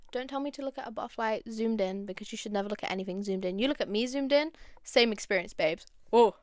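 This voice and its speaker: Chatty young woman, bright and clear. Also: fairly high pitch, quick pace, no room sound, studio quality. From London. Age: young adult. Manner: chatty and animated, going off on tangents. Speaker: podcast host. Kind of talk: casual chat.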